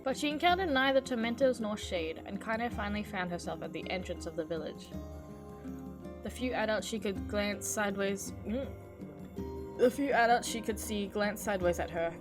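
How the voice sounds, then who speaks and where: A woman's voice: medium pitch, moderate pace. A woman streamer reading a game's story aloud, breaking off to swear and chat casually. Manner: casual, swears at the game, chatty asides. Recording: voice with loud game music behind.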